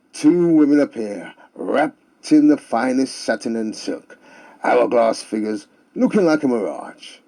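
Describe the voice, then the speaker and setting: A man's voice: mid-range voice, expressive, measured pace, vocal fry, mellow. A man telling comic stories and jokes in a theatrical manner with sing-song refrains. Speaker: storyteller. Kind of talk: comic storytelling.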